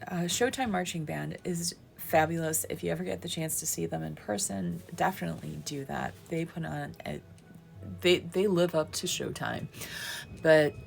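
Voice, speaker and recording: A woman narrates her own vlog footage in a heartfelt, emotional voiceover, often close to tears. Her voice sits low with a gravelly fry, and a faint hiss of noise runs under the recording. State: teary, crying at times. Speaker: planner vlogger.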